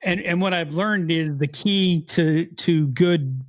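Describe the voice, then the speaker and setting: A man co-hosting a casual podcast, with a slight Mid-Atlantic American accent, talking in an animated way with frequent restarts. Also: a little high, takes it slowly. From United States. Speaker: podcast co-host. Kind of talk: casual chat.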